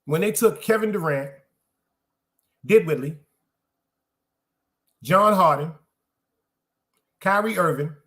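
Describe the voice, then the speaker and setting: A man's voice: fairly high pitch, lively intonation, takes it slowly, pauses often, fairly bright tone. A middle-aged man, hosting a podcast in loose, streetwise solo chat, repeating phrases for emphasis. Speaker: podcast host. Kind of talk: casual solo livestream chat.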